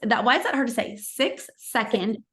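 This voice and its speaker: A woman's voice: fairly high pitch, expressive, fairly bright tone. Brief: middle-aged woman, podcast host, chatty and effusive, casual interview chat. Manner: chatty and effusive, quick restarts.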